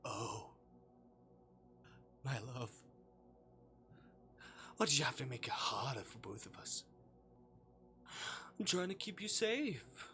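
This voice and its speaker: A possessive unseen creature, put on by a streamer reading a game aloud, murmurs slowly and half in a whisper. The pitch swings in lively leaps, from low murmurs to sudden high, loud bursts. Faint game music plays behind. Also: exaggerated voice. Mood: pleading. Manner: slow, hushed, partly whispered. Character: possessive unseen creature outside the door, mimicking loved ones.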